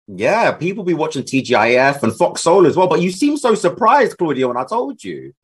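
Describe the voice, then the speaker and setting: A young British man, a TV and radio host, chatting as guest co-host in an upbeat, expressive way. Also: a little high, a little fast, slightly rough. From United Kingdom. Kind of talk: casual chat.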